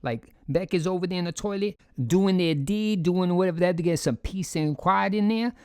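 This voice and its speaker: Emphatic male commentator, keeps calling out to his viewers; slightly high, dry close sound. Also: normal speed, smooth, no room sound. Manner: emphatic, repetitive, talks to the audience as "folks". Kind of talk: casual reaction commentary.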